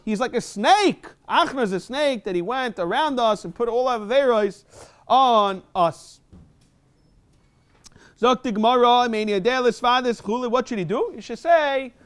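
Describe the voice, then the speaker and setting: Guy rattling off a talmud class real fast, highish voice, quotes then explains. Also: lively intonation. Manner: rapid, mixes Hebrew and Aramaic quotes with English explanation. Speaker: rabbi teaching Talmud. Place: synagogue study hall.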